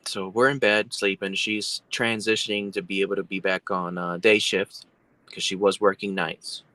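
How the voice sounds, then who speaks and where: A man's voice: low voice, flat delivery, normal speed, pushed and bright, dry recording. A man, a guest telling a long story on a video call, rambling with many fillers and restarts. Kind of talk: casual storytelling.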